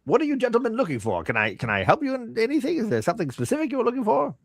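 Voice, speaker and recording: A man's voice: extremely high pitch, huge pitch swings, racing, no echo, clean studio sound, pitched above the performer's own voice, heavily acted. A man voicing a fussy, scatterbrained shopkeeper of magic goods who rambles through his sales patter in a raised voice. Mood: flustered.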